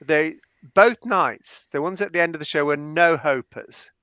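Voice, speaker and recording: A man's voice: a little high, a little slow, pushed and bright, clean tone, dry recording, lo-fi sound. A man from Bradford hosting a live panel chat, playful and teasing. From Bradford, England. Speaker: panel show host.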